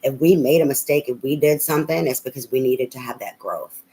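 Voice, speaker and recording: A woman's voice: very deep voice, expressive, brisk, dark tone, rough recording. A woman tarot reader on a live reading, talking bluntly and profanely in a rambling, ranting way with many fillers.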